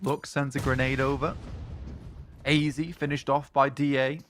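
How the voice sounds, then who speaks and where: A man's voice: medium pitch, little pitch movement, moderate pace, faint music behind. A man co-casting a live esports match, trading playful banter and analysis with his partner. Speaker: esports co-caster.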